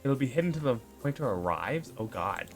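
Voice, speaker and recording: A man's voice: mid-range voice, big pitch swings, brisk, gravelly, faint music behind. A man playing a dating sim, reading its text aloud and reacting with playful jokes. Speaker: let's play gamer.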